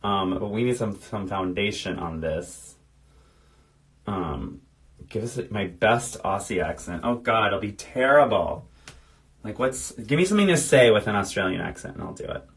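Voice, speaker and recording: Thirtysomething guy chatting on a phone live, reading comments out while doing makeup, lowish voice. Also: animated, moderate pace. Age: 30s. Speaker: drag performer. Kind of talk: casual livestream chat.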